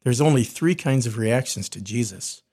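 Husky-voiced chaplain man. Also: mid-range voice, expressive, normal speed, darkish tone. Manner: earnest, conversational, frequent restarts. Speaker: corporate chaplain. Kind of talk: podcast teaching talk.

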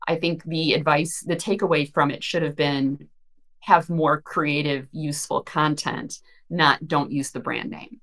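In a relaxed podcast chat about search marketing news, the female co-host speaks unhurriedly in a low, slightly bright voice with fairly even intonation. Her explanations are long and thoughtful, and she frequently starts sentences over.

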